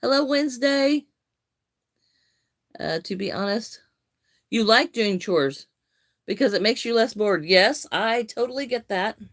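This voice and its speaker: An older woman chatting casually on a crochet live stream, greeting viewers by name and answering their comments in a friendly, unhurried way. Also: a little high, animated.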